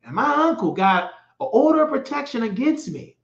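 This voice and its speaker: A man's voice: very high voice, very animated, moderate pace. A man rants heatedly as host, his voice swinging between outbursts and muttered asides, stumbling over restarts. The sound carries a roomy echo and a dull, lo-fi edge. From United States. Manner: heated, shouting at times, rambling with restarts. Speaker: show host. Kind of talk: impassioned political monologue. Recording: echoey room, dull lo-fi sound.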